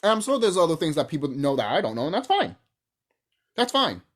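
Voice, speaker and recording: Vlogger going off on an unscripted rant, swears constantly, pitch swings all over the place, trips over his own words and restarts. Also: very animated, a little fast. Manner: profane, heated ranting with repeated restarts. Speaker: channel host.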